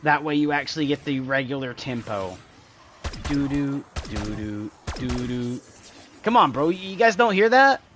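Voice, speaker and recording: A man's voice: fairly high pitch, expressive, a little fast, hardly any pauses, a bit bright, a little hiss or hum. A man streaming a shooter game, chatting casually to his viewers and imitating game sounds as he explains. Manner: rambling, talks to chat, imitates sounds. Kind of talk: casual gameplay commentary.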